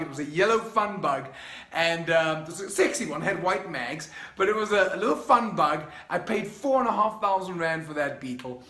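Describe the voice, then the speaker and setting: A middle-aged South African man with a high voice speaks with keen, emphatic energy in a motivational vlog. His tone is sharp and bright. The room gives his voice a clear echo. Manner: enthusiastic, emphatic, conversational. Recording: echoey room.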